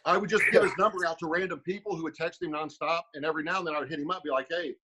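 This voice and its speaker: A man's voice: on the high side, steady tone, racing, bright, forceful tone, slightly rough, poor audio. A former heavyweight fighter, a man, rambling through a story with lots of fillers on a casual podcast.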